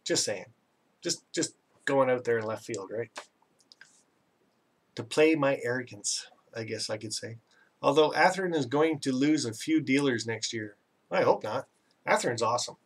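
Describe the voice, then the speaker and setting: A man's voice: medium pitch, expressive, moderate pace, long pauses, slightly rough, distant mic. Chatty Canadian man a bit off-mic. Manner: chatty and rambling, self-teasing, laughs often. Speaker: live stream host. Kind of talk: casual live chat reading viewer comments.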